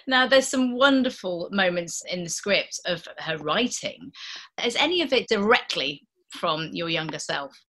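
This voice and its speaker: A woman's voice: lowish voice, animated, a little slow, a bit bright. Woman asking interview questions. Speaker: podcast host and interviewer.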